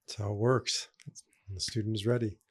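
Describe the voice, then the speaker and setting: Low, flat-voiced male interviewer. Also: brisk, slightly rough. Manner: probing, asks short follow-up questions. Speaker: podcast host. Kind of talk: conversational interview.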